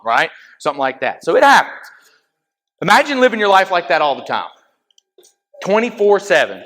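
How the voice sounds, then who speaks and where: A man's voice: high voice, very animated, a little fast, sharp tone. A young adult man giving a casual youth sermon, talking straight to the kids and checking in with frequent "okay?"s. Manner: talks straight to the audience, asks them questions. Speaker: youth pastor.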